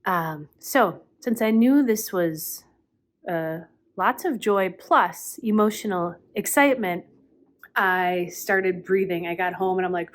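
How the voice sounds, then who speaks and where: A middle-aged woman giving a reflective spiritual talk, earnest and unhurried, often pausing with "um". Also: mid-range voice. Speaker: spiritual teacher.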